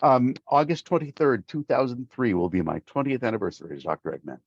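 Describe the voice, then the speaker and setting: A middle-aged male voice actor telling stories as an interview guest, lively and acting out quoted voices. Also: mid-range voice, brisk, no room sound, dull audio. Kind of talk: casual interview storytelling.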